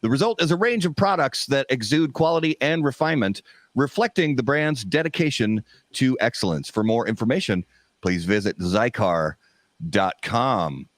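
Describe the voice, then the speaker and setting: A man's voice: mid-range voice, animated, moderate pace, no echo. A man hosting a live cigar podcast from a studio, introducing guests and reading sponsor spots in an announcer style. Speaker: podcast host.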